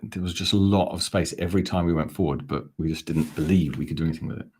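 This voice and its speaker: A man's voice: low voice, quick pace, dark tone, husky. A man hosting a live football fan watch-along, calling the play and chatting back to viewer comments. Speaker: fan channel host.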